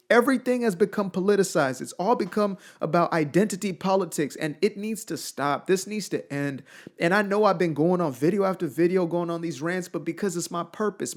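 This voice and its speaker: A man with a somewhat high-pitched voice delivers a passionate solo commentary. He talks colloquially, punching words for emphasis and firing off rhetorical questions. He grew up outside the United States. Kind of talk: solo opinion rant to camera.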